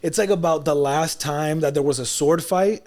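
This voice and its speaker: A young man co-hosting a podcast, talking in a casual, animated way and slipping into mock voices for jokes. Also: a little high, moderate pace. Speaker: podcast co-host. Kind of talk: casual chat.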